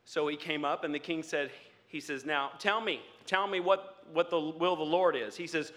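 A man preaching a sermon, laughing often and building up to loud exclamations. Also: a little high, moderate pace. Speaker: pastor.

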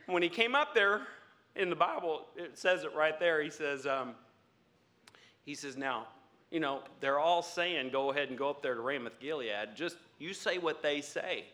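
A man preaching a sermon, laughing often and building up to loud exclamations. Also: fairly high pitch, moderate pace. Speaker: pastor.

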